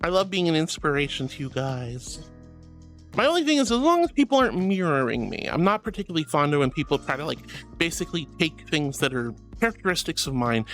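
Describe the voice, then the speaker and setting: This livestream host has a slightly high, fairly bright voice and reads his chat out loud in a casual, chatty way. He keeps apologizing, calls himself a yapper, and affectionately names viewers sweetie and honey.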